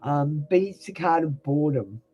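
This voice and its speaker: Her voice is low, warm, and expressive with a breathy edge, moving at a moderate pace over lo-fi sound. A young Australian woman in her early adulthood, she does frank, talkative tarot readings on a live stream, calling viewers by name.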